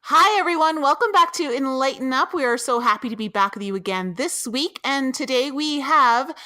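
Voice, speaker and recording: A woman's voice: high voice, lively intonation, moderate pace, dry recording. A woman co-hosting a podcast, introducing the guest with an upbeat manner and then chatting casually. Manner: bright, upbeat interviewer. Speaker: podcast co-host.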